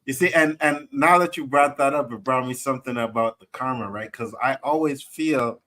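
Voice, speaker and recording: A man's voice: mid-range voice, steady tone, fairly quick, sharp tone, low-quality recording. Storytelling man in casual chat. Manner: storytelling, asks "right?" often. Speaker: podcast co-host.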